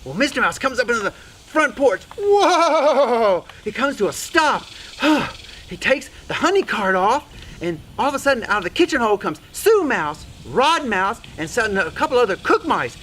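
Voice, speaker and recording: A man narrating a children's story, talking straight to the kids in an animated way. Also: high voice, a little fast, a little hiss or hum, low-quality recording. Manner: animated, addresses kids directly.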